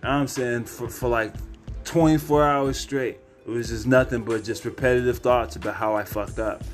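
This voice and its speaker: A man's voice: medium pitch, steady tone, normal speed, soft background music. A man hosting a podcast, telling a personal story in a candid, rambling way with plenty of cursing. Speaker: podcast host.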